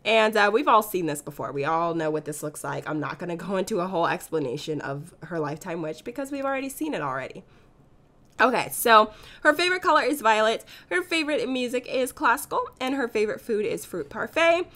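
A young woman hosts a let's play. A sore throat has made her voice hoarse, but it still sounds bright and forward. She chats in a bubbly, gushing way, like she is talking to friends. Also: medium pitch, animated, brisk. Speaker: gaming channel host. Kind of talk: casual let's play commentary.

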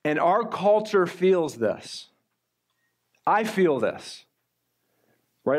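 A middle-aged male pastor preaching a sermon in a conversational way, slowing down when he reads scripture aloud. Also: high-pitched, sing-song, husky.

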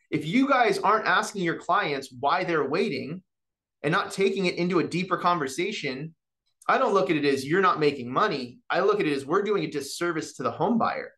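A man giving an animated mortgage market presentation to real estate agents, often tagging his points with "right?" and acting out client conversations. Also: a little high. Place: office meeting or online session with chat.

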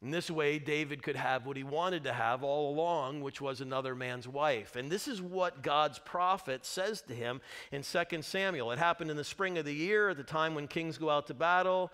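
A man pastor preaching a sermon, telling a story with lively, dramatic delivery and acted-out voices. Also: a little high, moderate pace, clear, resonant tone. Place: church.

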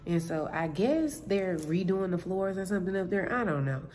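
A woman's voice: lowish voice, lively intonation, moderate pace, a little mellow, a little hiss or hum. A woman vlogging casually from her job as a concierge, talking straight to her viewers and laughing often. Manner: chatty, addresses viewers as y'all, laughs often. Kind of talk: casual storytelling vlog. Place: indoors at her workplace.

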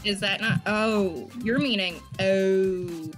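A woman's voice: mid-range voice, slow pace, soft background music. A woman gaming with friends, teasing them with crude banter. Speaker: gamer. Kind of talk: casual gaming chat.

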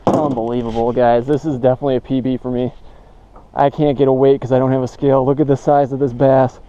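A man doing fishing vlog commentary outdoors from a boat, excitable and repeating his exclamations. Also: mid-range voice, fast, muffled recording, slight background noise. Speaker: fishing vlogger.

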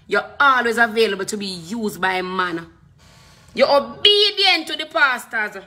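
Lady preaching hard, bright sharp voice, keeps repeating herself, breaks into tongues. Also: on the high side. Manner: fervent, repetitive preaching with bursts of speaking in tongues. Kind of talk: sermon.

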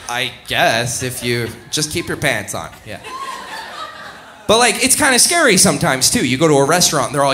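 A man's voice: mid-range voice, very animated, fairly quick, bright, forceful tone, a little hiss or hum. Rambling young male stand-up comic. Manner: rambling, self-deprecating, laughs at own jokes. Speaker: stand-up comedian. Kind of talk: live stand-up set. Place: comedy club stage.

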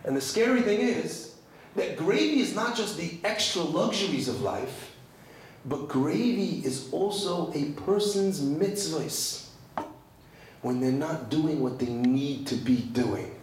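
A rabbi preaching to a women's group, emphatic and full of rhetorical questions and stories. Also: male voice, a little high, animated, takes it slowly. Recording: very echoey room, distant mic, faint noise.

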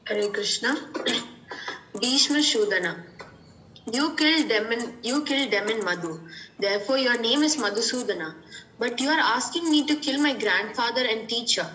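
A woman student reads a scripture commentary aloud to the class in a plain, steady way. Her voice is bright and forward and sits a little high. A faint ambient hiss runs underneath. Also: moderate pace, low-quality recording.

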